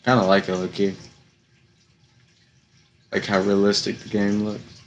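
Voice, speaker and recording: A young man giving casual, slangy commentary while playing a video game, slightly hoarse from losing his voice. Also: fairly low pitch, completely flat delivery, a little slow, lo-fi sound. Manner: laid-back, slangy, chatty. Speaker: gaming YouTuber.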